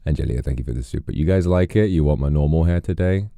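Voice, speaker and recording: A man's voice: rumbling low, fast, vocal fry, dark tone, dry recording. A man streaming, chatting casually with viewers, rambling with lots of fillers and restarts.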